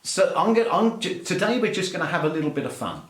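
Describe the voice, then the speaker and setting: A man's voice: sits high, big pitch swings, fast talker. Playful English man in an echoey room. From England. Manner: playful, mock-exasperated, theatrical emphasis. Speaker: aviation English teacher. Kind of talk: light-hearted rant to camera.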